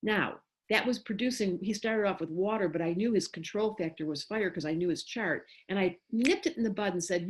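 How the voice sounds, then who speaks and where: A middle-aged woman giving a casual talk to parents as an astrologer, animated and acting out what she would say to a child. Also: medium pitch, fairly quick, few pauses.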